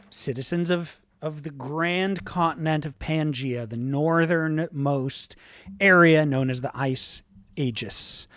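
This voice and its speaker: An unhurried game master sets the scene for the players, leaning on drawn-out "uh" fillers between thoughts. The voice sits mid-range and sounds close and dry, with no room behind it. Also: mid-range voice, no echo. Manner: relaxed, upbeat, lots of "uh" fillers, casual swearing. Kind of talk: improvised tabletop game narration.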